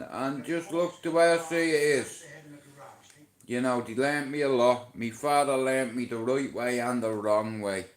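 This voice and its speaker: A middle-aged Irish man telling a personal family story to camera in a blunt, heartfelt way, swearing freely. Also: medium pitch. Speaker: vlogger.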